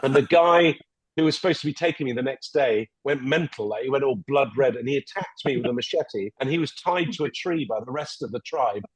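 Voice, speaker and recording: Fast-talking husky man telling stories. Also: mid-range voice, no echo, poor audio. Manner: animated, swears freely, quick tangents. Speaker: podcast guest. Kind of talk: casual anecdotal storytelling.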